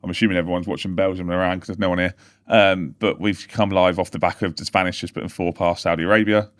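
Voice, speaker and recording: Low-voiced sweary man. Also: flat delivery, fast, dry recording, clean studio sound. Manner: sweary, loses his train of thought, laughs easily. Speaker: podcast host. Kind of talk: casual football chat.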